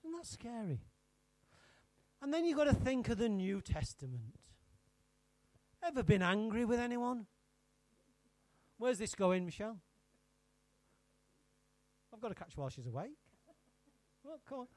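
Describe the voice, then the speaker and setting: A man's voice: sits high, very animated, measured pace, pauses often, darkish tone, dry recording. A man preaching an interactive sermon, teasing his congregation by name and firing questions at them.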